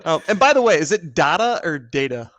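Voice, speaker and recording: A man's voice: sits high, expressive, fast talker, fairly bright tone, a little hiss or hum. A man co-hosting a casual podcast, bantering in a joking, laid-back way. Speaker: podcast co-host.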